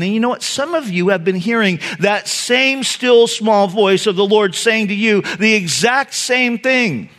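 A man's voice: sits high, unhurried, hardly any pauses, fairly bright tone. A male pastor giving a sermon in an earnest, conversational way, speaking directly to his listeners.

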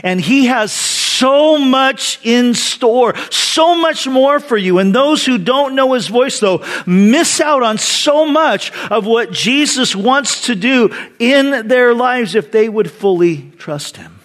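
Animated, high-voiced male preacher. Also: slow pace, hardly any pauses. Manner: animated storytelling, conversational. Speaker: pastor. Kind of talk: sermon.

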